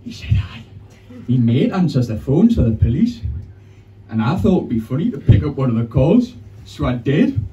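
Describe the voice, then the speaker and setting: A male stand-up comedian, telling a story on a club stage with a punchy, animated delivery. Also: mid-range voice, moderate pace, highs cut off. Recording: distant live club sound with audience.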